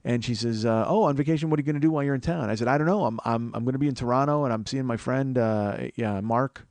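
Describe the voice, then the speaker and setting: Rambling, cursing comedian. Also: male voice, mid-range voice, fast, darkish tone, no echo. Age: 40s. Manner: rambling, self-mocking, swears a lot, voice rises when panicked. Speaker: comedian podcast host. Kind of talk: comedic storytelling monologue.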